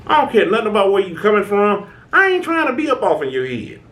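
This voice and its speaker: His high voice swoops wildly in pitch, fast and fairly bright, as this channel host leads a self-help talk. The delivery is informal American, conversational but preachy, full of stammered restarts and "right?" checks.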